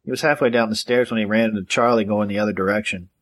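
A man narrating a gritty crime novel in a steady, matter-of-fact audiobook reading. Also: lowish voice, quick pace.

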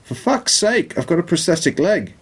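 A man voicing a blustering, injured male shop owner who makes shrill, panicky threats. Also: sing-song, moderate pace, vocal fry, slightly rough, full character voice. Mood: outraged.

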